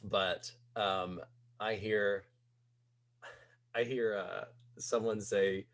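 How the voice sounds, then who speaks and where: A man's voice: low-pitched, steady tone, measured pace, vocal fry. A young man from Missouri, a podcast guest telling a casual story, rambling with many "like"s and "um"s. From Missouri, USA. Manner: rambling, peppers speech with "like" and "um".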